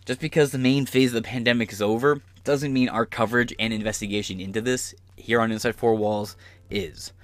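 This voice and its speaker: A man's voice: mid-range voice, steady tone, fairly quick, no echo. Profane, ranting male podcast host. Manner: profane, heated, sarcastic. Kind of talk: ranting political commentary.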